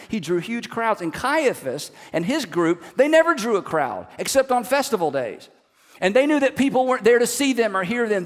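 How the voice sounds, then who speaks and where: A man preaching a sermon as a pastor, telling the story in an animated way with emphatic repetition. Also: high voice, long reverb tail.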